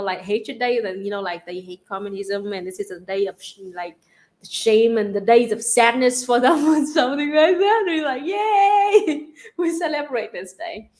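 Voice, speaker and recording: A woman with a Vietnamese accent hosts a relaxed livestream chat. Her voice sits a little high, and she often repeats words while searching for the next one. She breaks into frequent laughs. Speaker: livestream host.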